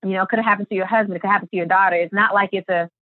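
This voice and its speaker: Woman, podcast guest, lively storyteller, tinny phone sound, dry. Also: medium pitch, racing, dry recording. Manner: animated storyteller, acts out quotes. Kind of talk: storytelling interview.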